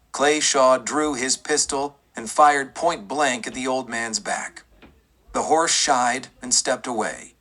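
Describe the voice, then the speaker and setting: A man reading a western audiobook in a steady, measured storytelling manner. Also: medium pitch. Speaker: audiobook narrator. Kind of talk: scripted western audiobook narration.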